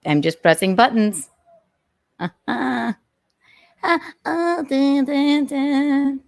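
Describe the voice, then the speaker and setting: A woman's voice: on the high side, animated, takes it slowly, vocal fry. Playful theatrical woman hosting a live stream. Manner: playful, theatrical, sings and hums nonsense sounds. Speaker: host. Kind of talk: casual live-stream chat. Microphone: own studio mic, adjusting its volume.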